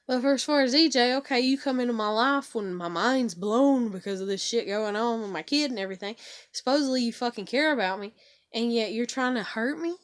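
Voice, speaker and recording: A woman's voice: on the high side, fairly quick, no echo. Weary, venting middle-aged woman, dry sound. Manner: venting, swears a lot, many fillers. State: depressed and weary. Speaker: vlogger. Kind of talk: emotional personal vlog rant.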